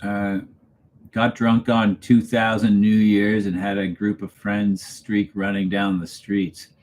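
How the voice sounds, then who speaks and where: A relaxed man from Canada talks through a casual evening livestream at home, answering viewers by name. His voice sits a little low, and he chuckles easily between comments. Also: takes it slowly, slight background noise. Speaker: channel host reading live chat.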